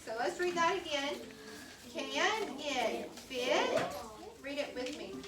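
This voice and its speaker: A woman teacher leading a classroom phonics lesson, slowly sounding out words for young students. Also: sits high, lively intonation. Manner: slow, deliberate sounding out of words. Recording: roomy classroom audio from a distance with noise.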